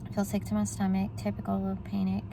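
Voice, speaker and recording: Woman, casual vlog, talks to viewers, middle pitch, faint background hum. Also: completely flat delivery, fast talker, creaky. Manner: chatty, talks straight to viewers. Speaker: vlogger.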